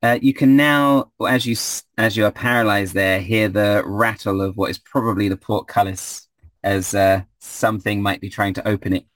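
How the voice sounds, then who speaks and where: A man's voice: lowish voice, steady tone, normal speed, a bit bright, dry recording. A man running a tabletop game as game master, hesitant with many fillers.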